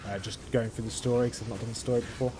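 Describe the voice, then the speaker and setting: A man talking over his own gameplay in a flat, monotone way, drifting from thought to thought and restarting sentences. His pitch sits in a middle range. A faint hiss of noise runs under the voice. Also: racing. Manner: rambling, self-correcting, chuckles to himself. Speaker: gaming video host. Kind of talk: casual gameplay commentary.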